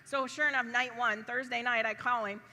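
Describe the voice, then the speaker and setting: A woman tells a funny family story to a crowd, her bright, fairly high voice breaking into laughter again and again. She sounds chatty and unguarded. The sound is reverberant, as in a large hall, with a faint murmur of background noise. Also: fairly even intonation, moderate pace. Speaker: speaker at a live event. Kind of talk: humorous personal storytelling to an audience.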